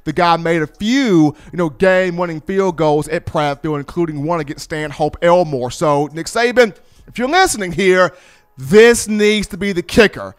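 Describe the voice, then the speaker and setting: Man, sports talk, lively storytelling, clear resonant tone. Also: a little high, normal speed. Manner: animated storyteller acting out fans. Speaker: football commentator.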